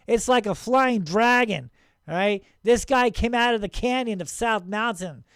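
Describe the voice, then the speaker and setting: A middle-aged man hosting his own channel, talking excitedly and rambling, with many restarts and frequent "right?" checks. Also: high voice, smooth, no room sound, studio quality. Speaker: channel host. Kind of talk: casual video commentary.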